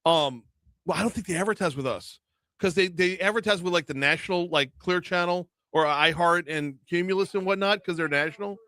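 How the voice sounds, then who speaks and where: A man hosting a talk radio show, rambling and animated in casual banter. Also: high voice, brisk, no room sound. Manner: rambling, animated, self-interrupting. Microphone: studio mic.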